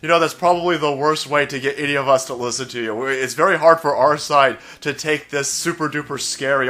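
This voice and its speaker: An American comedian and political commentator delivers a profane, mocking rant in a vlog monologue, imitating his opponents in a shrill, high voice. He talks briskly with few pauses, his tone bright and forceful.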